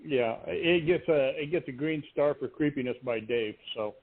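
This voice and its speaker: A man giving casual feedback on a poem, hesitant and halting. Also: fairly high pitch, slightly rough. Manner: hesitant, many fillers and restarts. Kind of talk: casual chat. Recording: tinny phone-like online audio.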